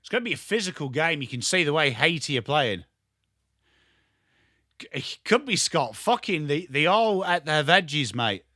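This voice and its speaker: A man's voice: fairly high pitch, very animated, moderate pace, bright, forceful tone, dry recording, studio quality. A man with an English accent giving live, chatty and jokey football watchalong commentary, greeting viewers by name. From England. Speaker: watchalong streamer.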